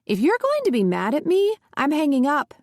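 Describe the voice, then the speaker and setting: A woman's voice: high voice, huge pitch swings, moderate pace, dry recording, clean studio sound, pitched above the performer's own voice, full character voice. A woman voicing an anxious grown son who tries to placate his demanding mother. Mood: anxious pleading. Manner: nervous, eager to please.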